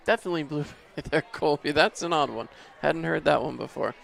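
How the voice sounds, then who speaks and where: A man's voice: fairly high pitch, fast, creaky, fairly bright tone, a faint crowd. A man calling baseball play-by-play from an outdoor ballpark booth, easygoing and chuckling, his voice rising sharply on big hits. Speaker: play-by-play announcer.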